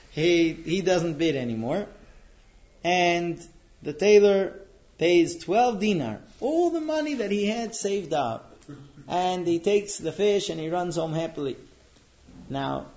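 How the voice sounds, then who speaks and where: Man telling a traditional tale, lo-fi. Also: a little high. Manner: relaxed, with frequent fillers and restarts. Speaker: storyteller. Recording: dull lo-fi recording.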